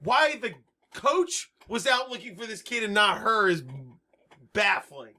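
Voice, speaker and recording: Podcast co-host, male, high bright voice, animated comedic recapper who acts out quotes. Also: unhurried. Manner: animated storyteller, swearing, acts out characters' lines. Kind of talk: casual comedic movie recap.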